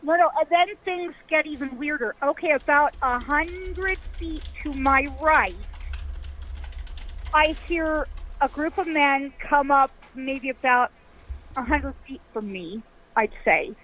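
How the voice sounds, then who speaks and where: A woman caller with a high voice tells a ghost story at an unhurried pace. She paints the scene vividly, acting out the voices and the sounds as she goes. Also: fairly bright tone, low-quality recording.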